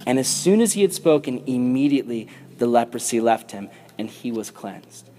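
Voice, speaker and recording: A man giving a casual, animated sermon to young people, then leading a prayer. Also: medium pitch, normal speed, slight background noise.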